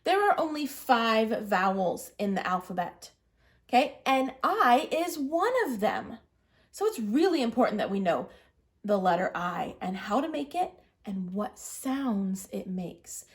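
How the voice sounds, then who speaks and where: Slow, patient reading teacher woman. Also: medium pitch, very animated. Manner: encouraging, patient, prompting the viewer to repeat. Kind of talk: early literacy lesson, guiding children through letter formation.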